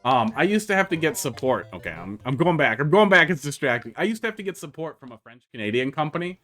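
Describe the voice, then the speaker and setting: A man's voice: medium pitch, very animated, fast, fairly bright tone, soft background music. A man with a Wisconsin accent, chatting casually as a streamer while he plays and answers chat. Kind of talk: casual live-stream commentary.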